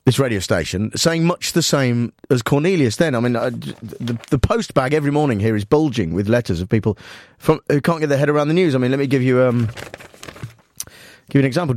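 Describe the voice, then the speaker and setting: Rambling deadpan radio host man. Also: mid-range voice, brisk. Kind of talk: spoof talk radio presenting.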